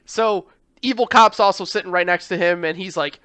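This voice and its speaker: A man with a fairly high, bright voice runs through a movie plot in loose, casual chat. He jumps into mock character voices and swears freely. The sound is dry and close, with no room around it. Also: moderate pace, clear, resonant tone, dry recording. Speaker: podcast co-host.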